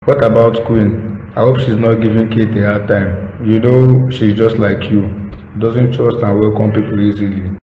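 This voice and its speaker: A man as a gentle, reasoning father. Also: lowish voice, steady tone, normal speed, reverberant, long reverb tail, dull audio, a little hiss or hum, lightly acted. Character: kind father, calm husband.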